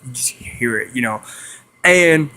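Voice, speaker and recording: A man's voice: mid-range voice, lively intonation, measured pace, bright, forceful tone. A young man telling a rambling story to his viewers, repeating himself and hissing to mimic animals. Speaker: vlogger. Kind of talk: casual storytelling to camera.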